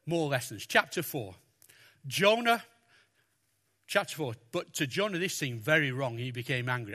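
A man's voice: normal speed, long pauses. A man preaching a sermon, talking through a Bible passage with lots of expression and acting out the lines he quotes. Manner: expressive, animated, acts out quotes with raised pitch.

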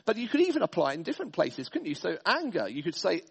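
Guy preaching a sermon with slides, a bit gravelly, pushy stress on every point. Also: sits high, wildly swooping pitch, fast, hardly any pauses, long reverb tail. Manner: emphatic, speaks in stressed lists.

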